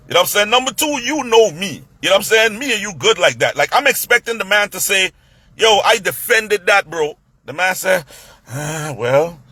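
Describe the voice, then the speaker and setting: A man telling a story in a casual rant, animated, stumbling over repeated words and acting out what others said. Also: high voice, normal speed, slightly rough, dry recording.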